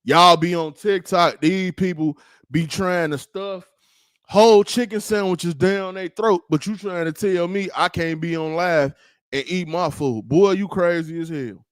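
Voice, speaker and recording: A man hosting his own livestream, ranting in a loose, slangy, rambling way with plenty of animated asides. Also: high-pitched, a little slow, clear, resonant tone, no room sound, clean studio sound. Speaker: livestream host. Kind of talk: casual livestream rant.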